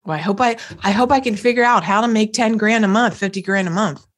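A woman's voice: mid-range voice, quick pace. A middle-aged woman hosting a motivational podcast, talking emphatically and acting out example phrases. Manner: energetic, emphatic, acts out phrases. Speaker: podcast host, coach.

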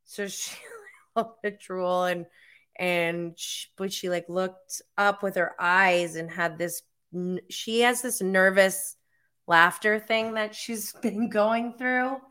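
A woman's voice: mid-range voice, steady tone, takes it slowly, a bit bright, clean tone. A woman in her forties telling a story to camera in a casual, chatty way, filling her sentences with "like". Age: 40s. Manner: chatty, filler-heavy storytelling with frequent "like". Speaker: mom vlogger. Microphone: camera mic.

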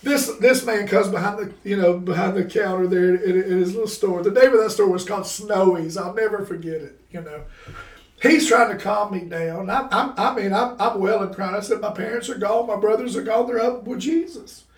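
A man telling a story from his childhood in a casual chat, animated and laughing as he tells it. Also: high-pitched, moderate pace, far from the mic. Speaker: guest. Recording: roomy sound, away from the mic.

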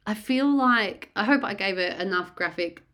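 A woman's voice: medium pitch, animated, normal speed, fairly bright tone. A woman hosting a podcast, telling a personal story in a rambling, blunt way and swearing freely. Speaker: podcast host.

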